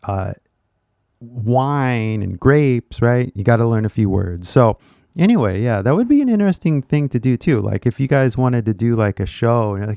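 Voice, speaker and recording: A man's voice: lowish voice, lively intonation, moderate pace, creaky, dark tone, no room sound, lo-fi sound. A man with an American accent, an English teacher giving casual commentary in a loose, filler-heavy way with switches into Japanese.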